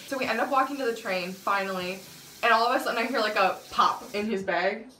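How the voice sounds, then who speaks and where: A woman's voice: on the high side, fast talker, pushed and bright, slight background noise. A young woman telling a dramatic storytime on her vlog, swearing often and laughing as she goes. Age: young adult. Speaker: vlogger. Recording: roomy echo.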